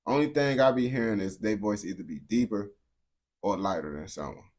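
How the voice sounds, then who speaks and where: A man's voice: fairly low pitch, a little fast, darkish tone. Blunt young American man ranting to his chat. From United States. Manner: blunt, slangy, repeats words and restarts, keeps saying bro. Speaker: streamer talking to chat. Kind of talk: casual unscripted rant to viewers.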